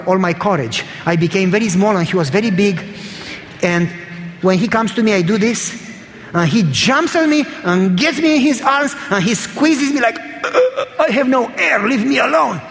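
A man preaching a storytelling sermon, emphatic and building through repetition, then leading a prayer. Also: high voice. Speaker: pastor. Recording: long hall reverb, faint noise.

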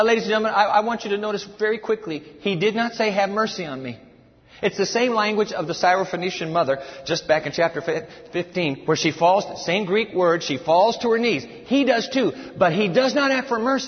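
A man preaching a sermon to a congregation, animated, acting out a pleading servant in a whiny high voice. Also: normal speed. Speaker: pastor. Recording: dull, lo-fi audio with long hall reverb.

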